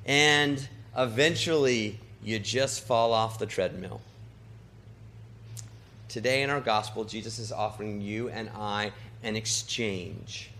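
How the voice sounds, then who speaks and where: A man preaching a sermon in a church, earnest and emphatic, moving between quick asides and slow, deliberate stresses. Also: medium pitch, a bit bright.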